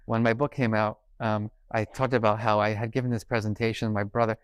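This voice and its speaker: A middle-aged man giving a conference keynote, telling stories and acting out quoted dialogue in an animated way. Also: on the low side, a little fast, clean tone, dry recording. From New York. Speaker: keynote speaker. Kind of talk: conference talk, storytelling. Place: conference stage.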